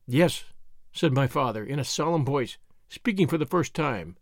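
A man narrating an audiobook in an expressive, dramatic reading style. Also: medium pitch, normal speed, dry recording, clean studio sound. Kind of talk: scripted narration.

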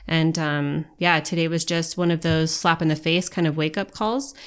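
A woman's voice: low-pitched, steady tone, normal speed, smooth. A woman podcast host and coach talking earnestly and encouragingly straight to her listeners. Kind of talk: reflective podcast talk to listeners.

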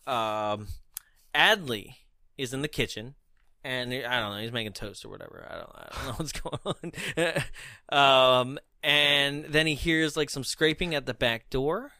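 A man co-hosting a casual podcast, recapping a film in a jokey, animated way. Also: mid-range voice, slow, smooth, no room sound, studio quality. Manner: animated, jokey, laughs often. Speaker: podcast co-host. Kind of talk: casual movie recap chat.

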